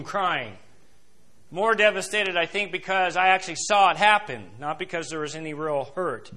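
A male pastor preaching a sermon, who swings from soft, low asides to loud, rising emphasis and quotes scripture and hymn lines in a slow, stressed cadence. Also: animated.

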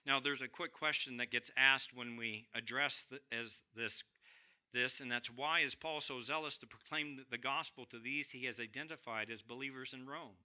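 Man, pastor, sermon, very bright tone, impassioned, muffled recording. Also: medium pitch, fairly even intonation, normal speed. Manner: impassioned, swings between loud emphatic bursts and quiet drops.

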